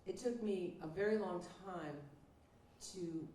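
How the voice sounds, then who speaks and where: A woman singer-songwriter recounts an old recording session with animated storytelling, slipping into the voices of the people she quotes. Her tone is mellow and dark. She sounds distant from the mic in an echoey room. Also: lowish voice, measured pace, a little hiss or hum. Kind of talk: storytelling in an interview.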